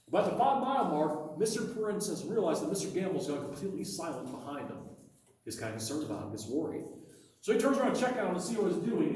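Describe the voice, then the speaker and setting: A man, a cave tour guide telling a story in a lively, folksy way. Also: a little high. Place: large underground cave. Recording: echoey cave from far off with faint noise.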